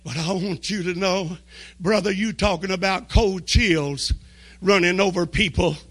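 A man preaching a fervent sermon, shouting and crying out phrases and stretching key words slowly for emphasis. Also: high-pitched. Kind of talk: impassioned sermon.

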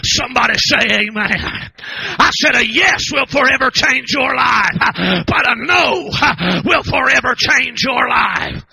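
A man preaching a shouted revival sermon in a church service, punctuating his phrases with chanted "uh" sounds. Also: very high-pitched, lively intonation, measured pace, creaky, crowd noise, rough recording.

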